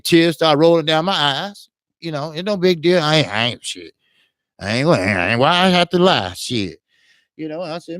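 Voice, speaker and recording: This man, a boxing channel host from Chicago, USA, casually rambles through a street story, packing it with "you know" and profanity. His voice is a little high, and the studio-quality recording has no echo.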